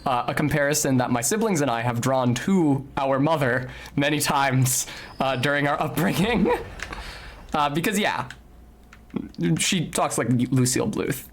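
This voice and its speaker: A young streamer with a medium-pitched voice talks unhurriedly while playing a video game. His commentary is casual but articulate, almost academic in manner, with occasional bursts of cursing and yelps.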